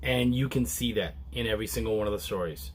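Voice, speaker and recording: A man reviewing a comic book in a casual, relaxed chat to camera, rambling with many restarts and fillers. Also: fast, a little hiss or hum. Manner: relaxed and low-key.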